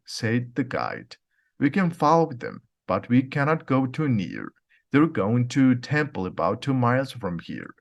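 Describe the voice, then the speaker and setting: A man narrates an easy storybook at a slow, deliberate pace. His pitch moves a lot, rising and falling to carry the story. Every word is spoken clearly for language learners. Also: dull audio. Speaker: audiobook reader. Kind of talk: graded reader narration.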